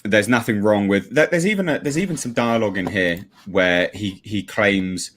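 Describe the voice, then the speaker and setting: A man's voice: on the low side, moderate pace, a bit bright. A man giving blunt, sweary, sarcastic livestream commentary as a regular panelist.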